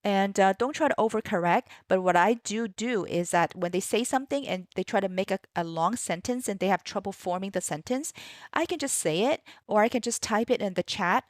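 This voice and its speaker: A woman's voice: mid-range voice, fairly quick, no room sound. Chatty woman teacher, dry sound. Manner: chatty, many fillers and tag questions. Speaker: ESL teacher. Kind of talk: teacher walkthrough of a lesson plan.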